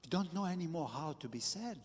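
A man preaching a sermon as pastor, slow and deliberate with emphatic bursts. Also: fairly high pitch, lively intonation, slightly rough, big-room sound.

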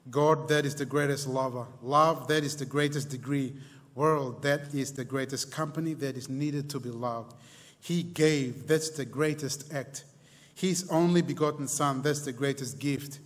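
A man preaching a sermon, telling a story dramatically and slowing down and going quiet on key lines. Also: medium pitch, fairly even intonation. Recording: long hall reverb.

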